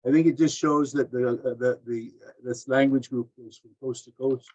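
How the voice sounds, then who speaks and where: Male student, calm and chatty, husky tone, dull video call sound. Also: medium pitch, moderate pace.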